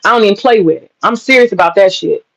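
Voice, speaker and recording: A man's voice: sits high, quick pace, creaky, a bit bright, low-quality recording. A man telling a story in a casual monologue, emphatic and profane, repeating lines for punch. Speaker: storyteller recounting political campaign work.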